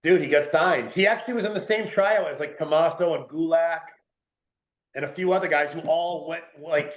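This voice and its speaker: Recorded in an echoey room, a man from New England speaks casually as a podcast guest in an interview chat. His voice is on the high side at a moderate pace, and he rambles with lots of "like" and "dude."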